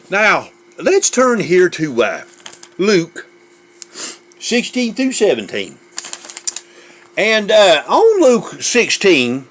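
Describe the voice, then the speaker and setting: A middle-aged man preaching with fervent, emotional urgency, often repeating himself and restarting mid-thought. His voice sits high and swoops widely, rising and falling as he presses his point. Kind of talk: preaching a sermon.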